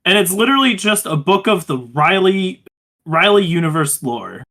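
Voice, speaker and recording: Male podcast co-host, somewhat high voice, eager and hype-driven, lots of "like" fillers, voice-call audio. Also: sing-song, moderate pace, sharp tone. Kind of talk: casual chat. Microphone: voice chat call.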